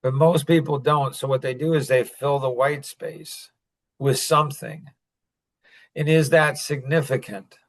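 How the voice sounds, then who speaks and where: The podcast host here is a man with a fairly high pitch and a steady, unhurried delivery. His chat is casual and rambling, full of frequent chuckles and a lot of "like."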